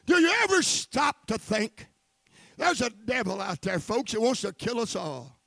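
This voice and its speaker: A male preacher with a very high, gravelly voice and a bright, forceful edge, delivering a fervent sermon. He swings between quiet asides and shouting and calls out for amens. The sound is close and dry. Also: big pitch swings, measured pace, dry recording.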